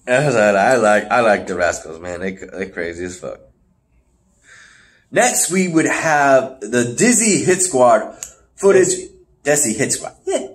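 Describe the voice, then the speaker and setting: A man's voice: medium pitch, lively intonation, unhurried. A man hosting a podcast, casually recapping wrestling shows and acting out the wrestlers in put-on voices. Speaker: podcast host.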